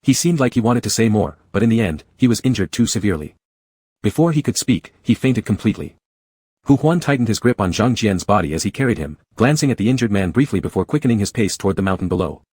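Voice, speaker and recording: A man narrating a story in an even, measured audiobook reading. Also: lowish voice, breathy edge, no room sound.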